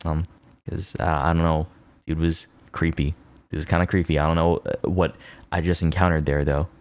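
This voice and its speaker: A male streamer chats casually in a lowish voice, telling a story that wanders with fillers and "right?" tags. The sound is dry and close. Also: no echo. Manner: rambling, lots of "like" and "right?".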